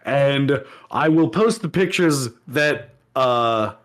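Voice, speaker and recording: A man's voice: medium pitch, animated, slow, fairly bright tone. A man co-hosting a podcast in casual chat, rambling with restarts and laughing often. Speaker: podcast co-host.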